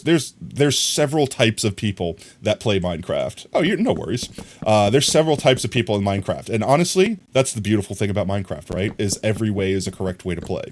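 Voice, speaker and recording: A man streaming a block-building game, chatting casually with his chat and greeting viewers while he works. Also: mid-range voice. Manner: chatty, reads and answers chat while building, hums bam bam to himself. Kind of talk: casual live game commentary.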